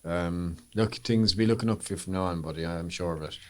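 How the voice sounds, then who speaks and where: Easygoing Irish man with a low voice. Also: fast. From Ireland. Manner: easygoing banter with teasing asides. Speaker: podcast co-host. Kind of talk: casual chat.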